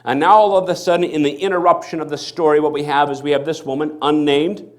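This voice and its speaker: A man's voice: fairly high pitch, fast. A male pastor preaching a sermon, acting out the people in the story as he goes. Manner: animated, acts out the people in the story. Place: church.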